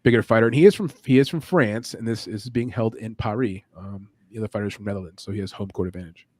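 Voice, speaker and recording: A man's voice: lowish voice, fast, a little mellow, dry recording. A man hosting a sports betting show, talking animatedly through fight picks and odds. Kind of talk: casual sports betting chat.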